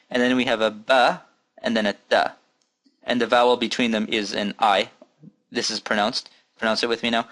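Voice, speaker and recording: A man's voice: mid-range voice, steady tone, normal speed, a bit bright. A man teaching an Arabic reading lesson, patiently repeating letter sounds and asking students to follow along. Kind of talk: recorded language lesson.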